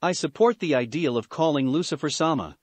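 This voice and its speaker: A man voicing a blunt, outspoken young devil woman who argues forcefully. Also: fairly high pitch, lively intonation, fairly quick, dry recording. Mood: insistent.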